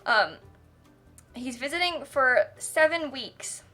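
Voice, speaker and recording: Giggly woman streamer, bright voice. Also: high-pitched, animated. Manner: giggly, rambling, quick to laugh. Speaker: livestreamer. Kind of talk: casual livestream chat. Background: faint music.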